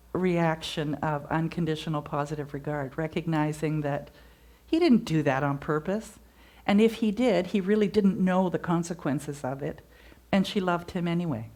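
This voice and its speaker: A woman giving a gentle, reflective spiritual talk, telling stories to her congregation. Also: fairly low pitch, normal speed.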